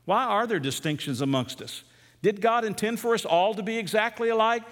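Male pastor, sermon delivery, emphatic with rhetorical questions, slightly high voice, long hall reverb. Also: a little fast. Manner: emphatic, rhetorical questions, swings from loud to hushed.

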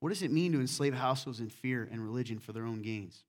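A man preaching a sermon as pastor, conversational and full of questions to the congregation, swinging between loud emphatic points and quiet asides. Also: mid-range voice, fast talker.

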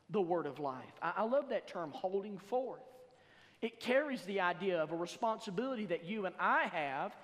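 A man preaching a sermon in a church, reading scripture slowly and building to loud emphatic passages. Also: high-pitched, animated, in a large hall. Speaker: pastor. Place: church sanctuary.

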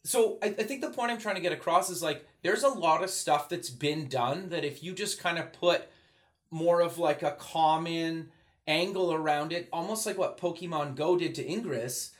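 A man's voice: a little high, moderate pace, a bit bright. Filler-heavy chatty man host. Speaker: podcast host. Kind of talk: casual conversational chat.

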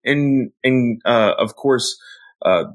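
A man's voice: medium pitch, slow. A man co-hosting a casual podcast chat, retelling comic panels with lots of filler words and quoted lines. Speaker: podcast co-host.

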